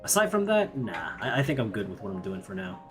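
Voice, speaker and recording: Casting: a chatty Canadian streamer, a man with an animated, bouncy delivery, game music faint underneath. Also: fairly low pitch, fast. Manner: chatty, self-mocking, lots of fillers. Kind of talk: casual gameplay commentary.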